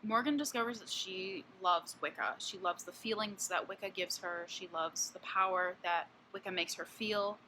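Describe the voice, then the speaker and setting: A woman's voice: medium pitch, moderate pace, hardly any pauses, pushed and bright, slight background noise. A woman in her twenties giving a casual book review vlog, blunt and candid, swearing freely and peppering her talk with fillers. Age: 20s.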